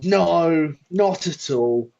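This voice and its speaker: A man's voice: fairly high pitch, animated, extremely slow, gravelly, mellow, muffled recording, slight background noise. A man co-hosting a casual live-stream sports talk show, laid-back, laughing often and walking through stats.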